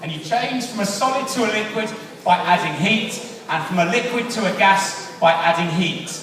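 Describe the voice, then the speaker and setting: A man's voice: sits high, moderate pace. An English man presenting a live science show on stage, playful and teasing with a theatrical flair, on a handheld mic. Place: large hall stage before an audience. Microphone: handheld microphone. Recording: echoey hall from far off, crowd. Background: audience murmur.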